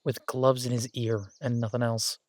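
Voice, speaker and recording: A man voicing a weary, earnest young male thief who speaks low and quietly. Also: level tone, normal speed, natural voice. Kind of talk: audio drama acting.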